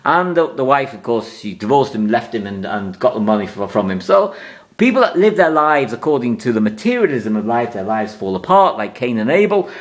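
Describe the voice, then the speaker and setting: A man's voice: mid-range voice, very animated, a little fast. A man giving an astrology forecast in an emphatic, repetitive, moralizing way.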